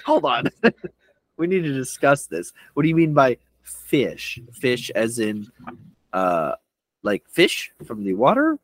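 Brief: young male podcast co-host, animated pitch, giggly, self-correcting, dry close mic. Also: slow pace, long pauses, dry recording, low-quality recording. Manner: laughs often, restarts and self-corrects. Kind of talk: casual chat.

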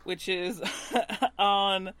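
Woman co-host, casual recap chat, playful and animated. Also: mid-range voice, clean tone. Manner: animated, laughing, acts out characters' lines in quick voices. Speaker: podcast co-host recapping a TV show.

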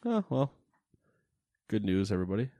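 A man's voice: fairly low pitch, huge pitch swings, moderate pace, mellow, dry recording, studio quality. A man co-hosting a podcast, chatting casually and laughing through jokes. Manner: laughing, joking banter. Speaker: podcast co-host. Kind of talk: casual chat.

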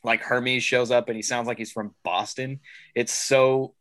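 A man co-hosting a casual discussion, telling stories in an animated way and laughing as he talks. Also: medium pitch, measured pace, dry recording. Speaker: podcast co-host.

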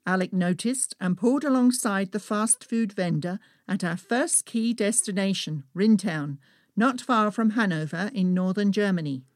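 A woman, reading her own travel memoir in a steady, measured storytelling manner. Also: mid-range voice, no room sound, clean studio sound. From England. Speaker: author and narrator.

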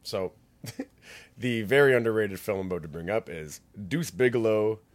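Man, podcast co-host, casual rambling chat, fillers, lowish voice. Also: expressive, moderate pace. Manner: rambling, laughing, many fillers.

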